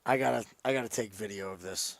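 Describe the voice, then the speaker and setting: A man co-hosting a live fight betting stream, cheering loudly and swearing when his pick wins. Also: on the low side, fast, gravelly, dry recording. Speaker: co-host and betting analyst.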